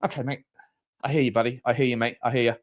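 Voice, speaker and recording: A man's voice: medium pitch, level tone, fast talker. A man hosting a live football watchalong, chatting casually with viewers and reading their comments aloud in an upbeat, matey way. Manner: upbeat, matey banter with the chat. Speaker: host of a football fan channel.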